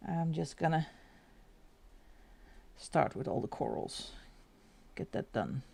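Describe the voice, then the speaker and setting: A woman's voice: sits low, expressive, takes it slowly, creaky, darkish tone, breathy edge. A woman whose first language is Dutch, speaking English with a Flemish accent, hosting a live stream and chatting casually while colouring, giggling often.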